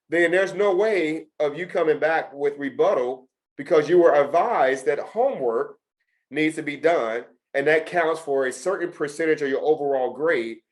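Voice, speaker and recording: A middle-aged man teaching a test prep session to students, talking emphatically and repeating his key points. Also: a little high. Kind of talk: lecture to students.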